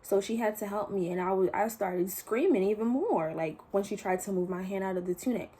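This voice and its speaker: A woman's voice: mid-range voice, a little fast, dark tone, a little hiss or hum. A young woman vlogging a casual storytime, retelling events with slang and quoted voices.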